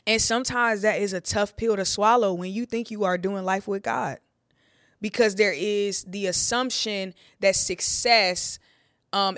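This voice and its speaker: A woman's voice: mid-range voice, a bit bright, dry recording, clean studio sound. A young woman, a preacher, talking through her testimony on a podcast in a candid, heartfelt way, with a lot of "like" fillers. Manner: conversational, heartfelt, with frequent "like" fillers.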